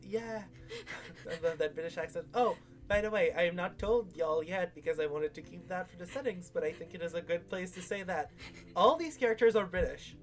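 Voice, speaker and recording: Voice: mid-range voice, fairly quick. A host casually recapping and critiquing a series, talking in a rambling way with lots of fillers and strong opinions. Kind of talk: casual video discussion.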